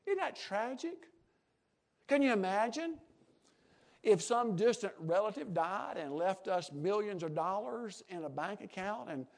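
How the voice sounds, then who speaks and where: A middle-aged man, preaching a folksy sermon as pastor of his church, swinging from soft asides to loud emphatic peaks. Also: sits high.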